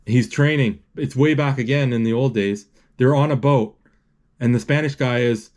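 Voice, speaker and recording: A man retelling a movie live as he watches it, halting often and correcting himself as he goes. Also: mid-range voice, darkish tone. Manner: halting, with many restarts and self-corrections. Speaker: movie recapper.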